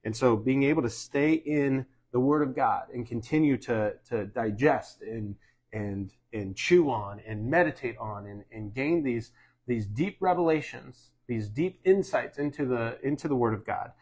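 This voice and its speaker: A middle-aged American man preaches in a relaxed, folksy way, leaning on sports comparisons. His voice is husky and sits mid-range for a man. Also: medium pitch, a little slow. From United States. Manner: folksy, uses sports analogies, asks "Amen?". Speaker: pastor. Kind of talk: conversational sermon teaching.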